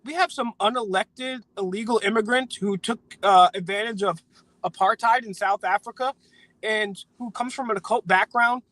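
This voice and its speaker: A man's voice: high voice, moderate pace, bright, forceful tone, dry recording, low-quality recording. An American man co-hosting a live stream, ranting indignantly about politics with repeated words and stumbling restarts.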